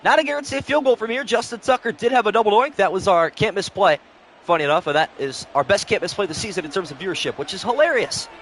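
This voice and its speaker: A man's voice: high voice, expressive, quick pace, fairly bright tone, a little hiss or hum. A young man calling play-by-play on a live stream, switching between announcer-style calls and casual chat with viewers, short on sleep.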